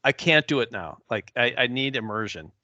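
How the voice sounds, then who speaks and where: Bright-voiced, tired male podcast host. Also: mid-range voice, expressive, normal speed, no room sound. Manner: easygoing, self-deprecating, chuckles. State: tired after a flight. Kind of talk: casual chat. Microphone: online call.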